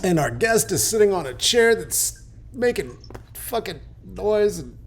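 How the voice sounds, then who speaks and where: A man's voice: high voice, big pitch swings, a little slow, a little hiss or hum. Rambling, joking man hosting a podcast. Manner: rambling, joking, many filler "uh"s and restarts. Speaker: podcast host. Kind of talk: casual unscripted podcast talk.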